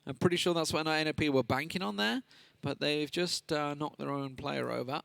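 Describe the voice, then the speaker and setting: Excitable man casting esports. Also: a little high, brisk, creaky. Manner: excitable, rises sharply in big moments, stammers on restarts. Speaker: esports caster. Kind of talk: live play-by-play commentary.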